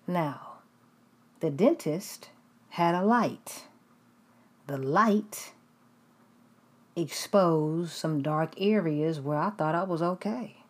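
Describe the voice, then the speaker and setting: A woman preaching, telling a story in a lively way with frequent whispered asides. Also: low voice, very slow, pauses often. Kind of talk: storytelling sermon.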